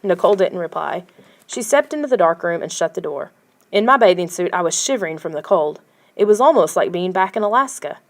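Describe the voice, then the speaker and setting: Woman audiobook reader, quiet, even storybook narration. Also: on the low side, fairly quick.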